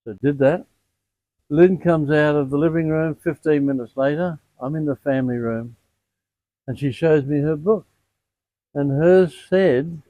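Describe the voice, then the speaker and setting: An older man who owns a sound healing center, telling animated stories in an interview. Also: fairly high pitch, a little slow, no echo. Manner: animated anecdotes with quoted dialogue. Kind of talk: storytelling in an interview.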